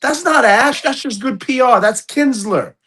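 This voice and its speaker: A man's voice: very high-pitched, a little slow, a bit bright, husky. A middle-aged man hosting a podcast, talking bluntly and profanely in a heated, casual rant. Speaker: podcast host.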